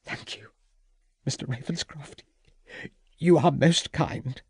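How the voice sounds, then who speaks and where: A grieving Victorian lady of the house, voiced by a male reader, soft and tremulous with a clearly raised pitch. Her polite words come close and dry, as in a storybook reading. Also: slow, no room sound, full character voice. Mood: distressed. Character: distressed genteel Victorian widow hostess.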